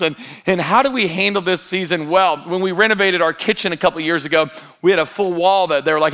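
A man, preaching a sermon and telling lively stories with acted-out quotes. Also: high-pitched, a little fast. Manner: animated storytelling with quoted voices. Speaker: pastor.

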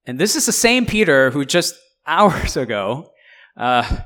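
A man's voice: fairly high pitch, unhurried. A man giving a verse-by-verse Bible teaching, who explains in a conversational way and often checks in with "right?". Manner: explains and paraphrases in lively asides.

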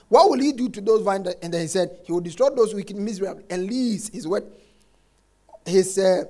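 A man preaching a sermon, quoting scripture and repeating his refrain, dropping soft and then shouting. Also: high voice. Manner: emphatic, repeats phrases, swings between soft and shouted lines; quotes scripture, acts out congregants' complaints.

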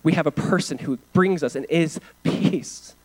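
Speaking at a measured pace in a fairly high male voice, a pastor delivers a sermon captured with poor audio. Soft, sincere lines give way to loud, emphatic ones, and he drops in casual asides and fillers along the way.

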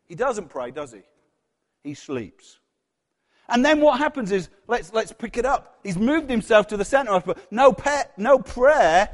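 High-voiced Yorkshire preacher in a hall. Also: male voice, animated, moderate pace. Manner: conversational, acts out quoted voices, asks the congregation questions. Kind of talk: sermon. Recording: long hall reverb.

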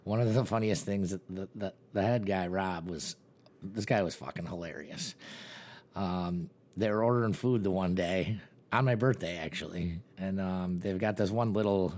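A man's voice: sits low, normal speed, darkish tone. A man co-hosting a podcast, telling crude stories with lots of laughs and restarts. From Ireland. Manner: crude, laughing, loose storytelling with many restarts. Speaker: podcast co-host. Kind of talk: casual chat.

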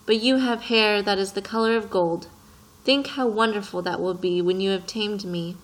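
A woman voicing a wise, patient male fox in a storybook, reading in a gentle, earnest way. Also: mid-range voice, fairly even intonation, moderate pace, lightly acted, poor audio. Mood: wistful.

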